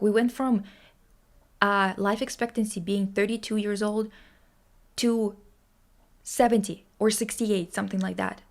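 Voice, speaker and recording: A woman's voice: mid-range voice, fairly even intonation, fairly quick. Blunt, profane woman streamer. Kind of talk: casual livestream chat.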